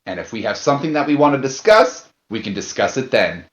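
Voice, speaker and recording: A man playing a tabletop role-playing game, speaking in character in a halting, indignant way with many fillers. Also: mid-range voice, expressive, echoey room, dull audio.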